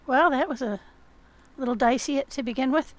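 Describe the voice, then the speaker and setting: Speaking at a measured pace in a high-pitched voice, a woman hosts a survival game video against slight background noise. She talks with another player in voice chat and addresses viewers in a friendly way, with plenty of fillers.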